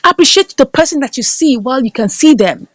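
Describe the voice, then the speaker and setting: A woman's voice: sits high, expressive, a little fast, dry recording. A woman recapping a film, commenting in an indignant, emphatic way and repeating lines for effect. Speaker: movie reviewer. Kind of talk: animated movie recap and commentary.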